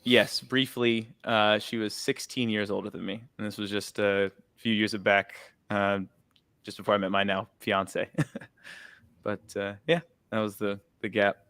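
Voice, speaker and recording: A young man with a Texan accent, a band member chatting casually in an interview, laid-back and quick to laugh. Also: fairly low pitch, flat delivery, fairly bright tone, clear, resonant tone, dry recording.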